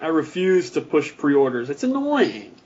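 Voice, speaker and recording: A relaxed man talks easily in a casual podcast chat. His voice sits a little high and sounds husky. The recording is muffled and lo-fi. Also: a little slow. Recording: muffled lo-fi audio.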